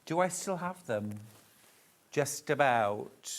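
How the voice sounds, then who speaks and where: A man's voice: medium pitch, takes it slowly. A man presenting fabrics on a live home shopping show, chatty and full of enthusiasm.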